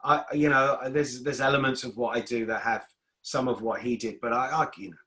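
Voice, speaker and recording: A middle-aged man with a bright, clear-edged voice, chatting as an interview guest. He rambles and stumbles over repeated words before finishing a thought. His pitch sits around the usual for a man. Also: fairly even intonation, brisk. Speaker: guest musician. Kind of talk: casual interview chat.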